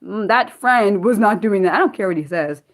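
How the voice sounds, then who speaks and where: A woman's voice: mid-range voice, expressive, normal speed. Woman hosting an unscripted livestream; rambling, apologetic, chatty reactions to viewers. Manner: rambling, often apologizing, reacting to chat comments. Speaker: livestream host. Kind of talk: casual unscripted livestream chat.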